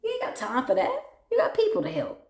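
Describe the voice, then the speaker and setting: A woman's voice: very high-pitched, wildly swooping pitch, fast. A woman giving a blunt, profane tarot reading, mocking her targets and breaking into laughter. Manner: bursts into laughter. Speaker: tarot reader. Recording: roomy echo.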